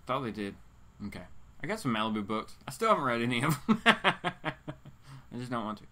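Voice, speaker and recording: Bright-voiced man chatting casually on a live stream. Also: medium pitch, sing-song, brisk. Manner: rambling, with many fillers and restarts. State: hiccups. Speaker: host of a comics talk show. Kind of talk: casual live-stream chat, reading viewer comments.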